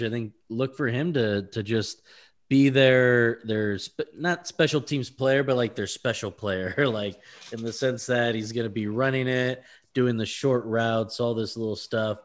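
A man co-hosting a casual sports podcast, rambling through his analysis with quick laughs and stumbling over names. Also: lowish voice. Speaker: podcast co-host.

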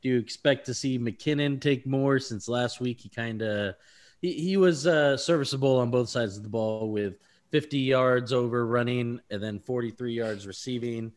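This man co-hosts a relaxed sports talk show at a mid-range pitch. He runs through his analysis in long, loose stretches, laughing as he goes and stumbling over hard names. The delivery stays casual and chatty. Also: moderate pace. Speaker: podcast co-host.

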